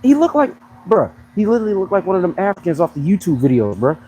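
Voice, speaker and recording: A man's voice: high-pitched, sing-song, fast, warm tone, a little hiss or hum, rough recording. A young man who coaches fitness, chatting on a casual livestream in a joking, slangy way. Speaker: fitness coach and pro bodybuilder.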